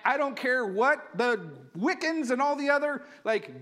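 A man's voice: very high-pitched, expressive, a little slow, pushed and bright. A male pastor preaching a sermon, telling the story casually and with energy, filling it with likes.

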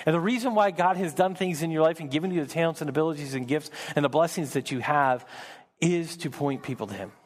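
A man's voice: a little high, fast. A man preaching with an earnest, building delivery in a church sanctuary, his somewhat raised voice carrying a long reverb off the hall. He often repeats words as he works toward a point. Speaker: pastor. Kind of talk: sermon.

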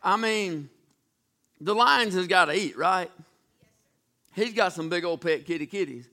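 Preacher guy telling bible stories all dramatic, kinda high and bright. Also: unhurried. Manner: folksy, dramatic retelling with acted-out voices. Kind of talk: storytelling sermon.

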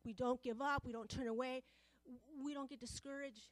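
A woman's voice: sits high, steady tone, moderate pace, no echo. A woman preaching a sermon to a women's group, passionate and repetitive, building in volume as she presses her points.

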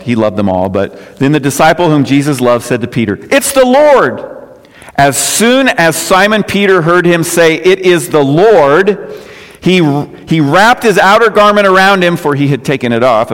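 A man's voice: medium pitch, a bit bright. A male pastor preaching a sermon in a conversational way, often rising for emphasis. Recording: long reverb of a hall.

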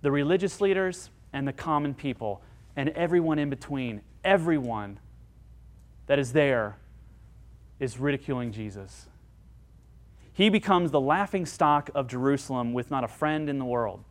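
A man preaching a sermon as pastor, earnest and dynamic, moving between emphatic lines and hushed ones. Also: mid-range voice, expressive, moderate pace.

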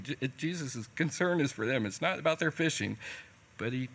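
A man's voice: medium pitch, lively intonation, brisk, a bit bright, slightly rough. A man preaching a sermon in a conversational, folksy way, telling a personal story and retelling what people said.

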